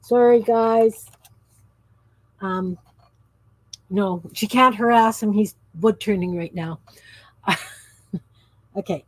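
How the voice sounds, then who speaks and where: A woman's voice: mid-range voice, takes it slowly, long pauses, no room sound. A woman in her fifties hosting a craft livestream, chatting casually in a rambling, easily sidetracked way. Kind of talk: casual chat while crafting.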